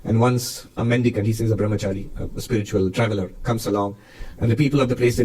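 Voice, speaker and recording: A man, a monk and spiritual teacher, giving a lively, storytelling spiritual talk in answer to a question. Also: fairly low pitch, fast talker, few pauses, far from the mic, poor audio.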